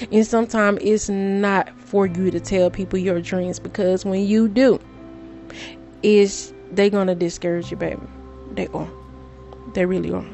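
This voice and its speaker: A woman's voice: medium pitch, darkish tone. A woman podcast host, talking straight to her listeners in an emotional, preachy way. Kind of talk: casual monologue.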